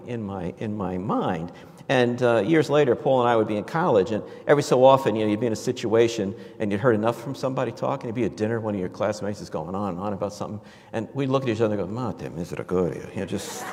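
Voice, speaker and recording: A man from New York preaches a homily as a personal story. He talks conversationally and reflectively, with many fillers and false starts, at an ordinary pitch. His voice carries the long, lingering reverb of a church. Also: darkish tone. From New York, USA.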